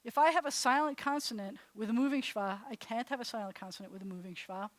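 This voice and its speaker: A woman rabbi teaching a live class, chatty and animated, laughing at herself as she demonstrates sounds. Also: a little high, fast talker, dry recording. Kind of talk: classroom lesson. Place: congregation classroom.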